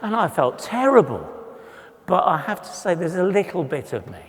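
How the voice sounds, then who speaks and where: In a large hall, a sixty-something English conference speaker speaks at a moderate pace in a high-pitched, sing-song voice, delivering a funny, self-mocking story talk with slides and acting out voices for his anecdotes.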